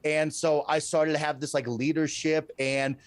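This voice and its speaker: Guy telling stories on a podcast call, kinda high pitched, super dry sound, does little voices for people. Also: moderate pace, no room sound. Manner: animated storyteller, acts out quoted voices. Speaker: podcast guest and co-host. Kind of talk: casual storytelling on a video call podcast. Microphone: video call.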